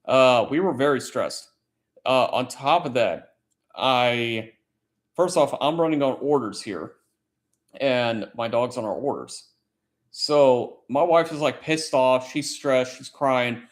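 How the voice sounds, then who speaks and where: Hosting a laid-back late-night livestream, this military service member tells a long, meandering story full of profanity. He speaks at a medium pitch and a slow pace.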